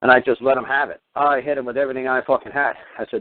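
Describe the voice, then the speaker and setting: A man's voice: mid-range voice, level tone, very fast, no echo. A middle-aged man rants heatedly on a radio call-in, swearing hard and hammering each point. His voice comes through a thin, tinny phone line with a dry, close sound. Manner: profane, emphatic, heated ranting. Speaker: radio talk show host. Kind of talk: casual radio talk rant.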